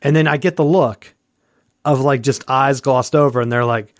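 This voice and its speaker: In a casual sports conversation, a podcast co-host in his thirties rambles through an anecdote, acting out its characters and relying heavily on "like" and other fillers. His mid-range voice is steady and at normal speed, captured with clean studio sound and no room sound.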